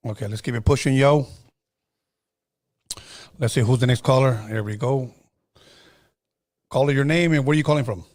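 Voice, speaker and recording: A man hosting a call-in radio show, upbeat and moving briskly from caller to caller. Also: medium pitch, darkish tone.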